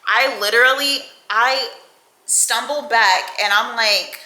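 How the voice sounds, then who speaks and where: Young woman, storytime vlogger, very bright tone, echoey room, animated and foul-mouthed. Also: fairly high pitch, slow pace. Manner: animated, profane, acts out quoted lines. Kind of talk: storytime vlog.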